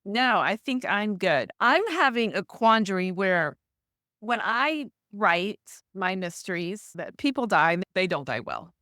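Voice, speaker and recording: A woman's voice: mid-range voice, very animated, measured pace, pushed and bright, no room sound, clean studio sound. A woman co-hosting a podcast, talking casually in a hesitant, self-conscious way that trails off. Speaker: podcast co-host. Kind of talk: casual chat.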